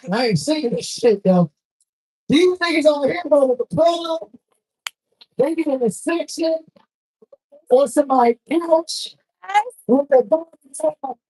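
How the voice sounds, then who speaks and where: A woman's voice: high-pitched, lively intonation, a little slow, pauses often, dark tone, poor audio. A woman hosting a live poetry show on stage into a handheld mic, with loose, profane banter and frequent laughs. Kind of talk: casual live emcee banter.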